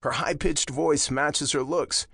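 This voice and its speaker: A man narrating a romance audiobook in the first person, with a slow, low and intimate delivery. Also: fairly even intonation, gravelly, sharp tone, husky, no echo, clean studio sound.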